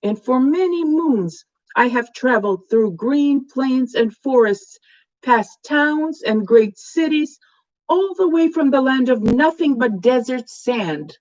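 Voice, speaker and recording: A woman's voice: high voice, animated, slow pace, a little mellow, highs cut off, voice pushed up. A woman reading the part of an earnest young male traveler who speaks carefully with a stumbling foreign accent.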